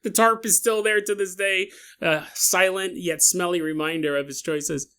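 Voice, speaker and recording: Steady in tone and moderate in pace, a podcast host's mid-range voice sounds bright, forceful and smooth. The story is told casually with comic asides, lots of laughter, mock outrage, and silly voices for its characters.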